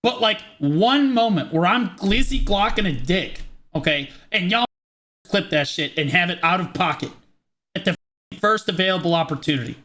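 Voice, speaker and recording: Profane, excitable man reacting to clips. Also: high-pitched, moderate pace. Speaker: streamer reacting to videos. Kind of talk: casual reaction commentary.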